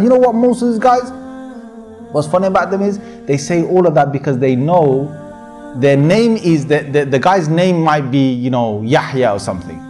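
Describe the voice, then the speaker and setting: A man delivers an informal sermon in a fairly high voice, speaking conversationally and circling back over his own phrases. He drops into Arabic recitation now and then. Faint music plays softly under the recording. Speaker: sheikh giving a talk.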